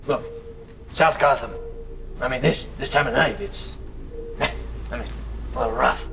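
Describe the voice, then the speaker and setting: A man's voice: medium pitch, normal speed, vocal fry, noisy background, close to an everyday voice. An actor playing a nervous, evasive rich male superhero in a comedy sketch, fumbling his words. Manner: fumbling, awkward laughs. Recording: faint music behind.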